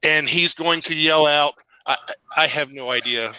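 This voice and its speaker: A man playing a tabletop game, thinking his move through out loud. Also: on the high side, unhurried, a little hiss or hum, poor audio. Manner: plans aloud with hesitations. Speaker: player. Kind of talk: casual chat.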